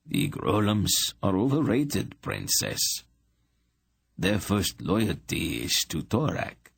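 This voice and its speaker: A man's voice: deep voice, gravelly, breathy edge, dry recording, studio quality, heavily acted. A man voicing an urbane, cruel emperor in an audiobook, speaking with silky, polite menace.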